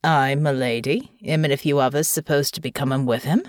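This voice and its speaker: A woman doing a gruff rustic sleigh driver. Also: rumbling low, fairly even intonation, fairly quick, no echo, studio quality, pitched below the performer's own voice. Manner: grumbling, country dialect.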